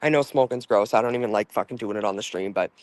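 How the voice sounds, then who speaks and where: A man's voice: fairly low pitch, fast talker, no echo. A man hosting a livestream, ranting in an angry, profane, rambling way with lots of fillers and answering chat comments. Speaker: livestream host. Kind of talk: casual livestream rant.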